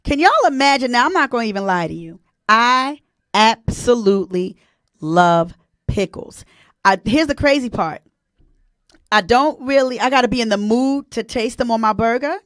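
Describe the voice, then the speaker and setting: A chatty woman, hosting a casual live stream and talking warmly to her viewers. Her voice sits a little high, and she gets emotional easily. The sound is dry and close, with no room echo. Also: lively intonation, normal speed. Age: 40s. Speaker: host.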